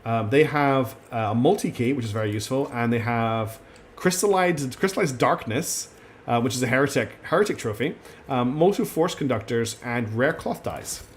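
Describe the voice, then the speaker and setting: A man with a mid-range, expressive voice streams a video game at a moderate pace over slight background noise. He chats casually while reading the game's dialogue aloud, full of ums, restarts and apologetic asides.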